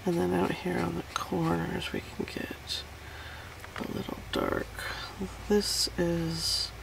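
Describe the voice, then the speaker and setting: A woman's voice: lowish voice, level tone, takes it slowly, vocal fry, background noise. A woman hosting a casual watercolor tutorial, chatty and self-deprecating as she narrates each painting step.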